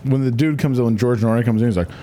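A man's voice: mid-range voice, steady tone, fast talker, dark tone. A man co-hosting a podcast, rambling casually about microphones, swearing now and then. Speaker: podcast co-host. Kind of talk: casual chat.

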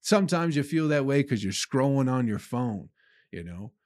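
A man's voice: medium pitch, animated, normal speed, a little mellow, dry recording, clean studio sound. A man hosting his own comedy podcast, delivering a rambling, profane monologue that he aims at listeners he calls people. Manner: acts out his own inner voice in quotes.

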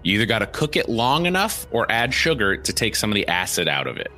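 A man's voice: fairly low pitch, quick pace, faint music behind. A man co-hosting a podcast in casual chat, joking and rambling. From small town. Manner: jokey, animated, rambling. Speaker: podcast co-host.

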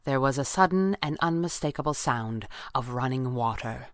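A woman narrating an adventure story in a steady, measured audiobook style. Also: rumbling low, dry recording, studio quality.

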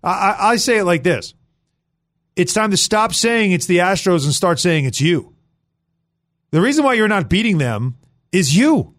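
A man co-hosting sports radio talk, emphatic and animated, often repeating words as he starts a point. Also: sits high, moderate pace, long pauses, no room sound, studio quality.

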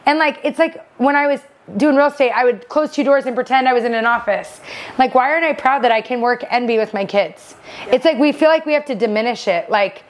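A woman's voice: high-pitched, brisk. Frank, teasing woman co-host. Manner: frank and teasing, talks things through. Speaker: podcast co-host. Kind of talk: casual chat.

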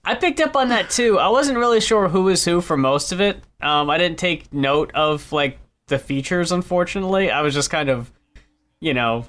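A man with a slightly raised voice speaking calmly on a podcast. He gives his opinion of an album in a measured, laid-back manner. His talk is casual and unhurried. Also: on the high side. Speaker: podcast guest. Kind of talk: casual album-review chat.

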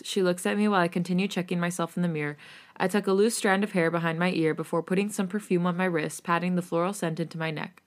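A woman podcast host reading romantic fan fiction aloud. Her voice sits on the low side, and the reading is casual, animated, and now and then giggly. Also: fast talker.

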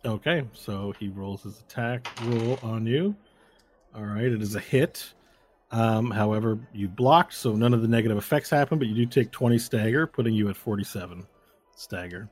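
A man's voice: lowish voice, normal speed, a little mellow. A man acting as game master, talking through moves and dice rolls step by step and correcting himself as he goes. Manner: explains rules step by step, with fillers and self-corrections. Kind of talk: narrating a tabletop game.

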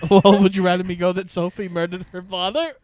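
A man co-hosting a casual podcast, putting in dry, deadpan quips. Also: sits high, brisk. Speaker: podcast co-host. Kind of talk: casual chat.

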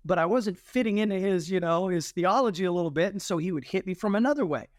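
Interview guest, male, animated storyteller who mimics others; somewhat high pitch, dry studio sound. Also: quick pace, no room sound. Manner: animated storyteller, acts out quoted voices. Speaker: guest, military veteran and artist. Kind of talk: testimony in an interview.

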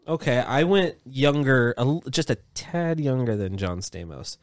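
An easygoing man co-hosting a casual podcast. His pitch sits in the middle, and he often restarts his thoughts as he talks. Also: lively intonation, moderate pace, no room sound, clean studio sound. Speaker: podcast co-host.

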